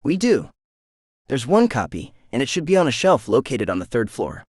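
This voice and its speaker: A man's voice: medium pitch, sing-song, moderate pace, dry recording, studio quality. A man voicing a polite, helpful young woman librarian in an audiobook.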